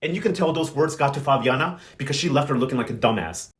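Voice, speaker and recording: A man's voice: medium pitch, quick pace. A man hosting a video channel who recaps soap opera episodes in a slangy, gossipy and opinionated way. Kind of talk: casual recap commentary.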